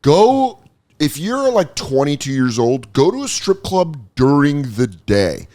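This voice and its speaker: A man's voice: a little high, unhurried. A man hosting a podcast, chatting casually and acting out voices in his stories. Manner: animated storyteller, acts out quoted voices. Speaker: podcast host. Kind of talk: casual chat. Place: podcast studio.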